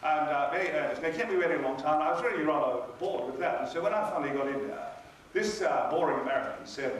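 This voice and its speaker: A man's voice: a little high, expressive, quick pace. Older man, convention guest, dry theatrical raconteur; distant, echoey hall recording. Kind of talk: anecdotal storytelling to an audience. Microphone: recorded from far off by an audience camera. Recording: echoey hall from far off, noisy.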